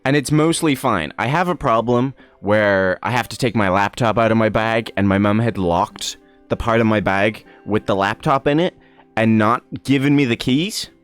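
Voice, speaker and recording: A young man with a fairly low voice tells a story on his livestream, swearing freely and acting out the other people in it. His delivery is animated, and faint music plays behind him. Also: clean tone. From Ireland. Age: young adult. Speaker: streamer.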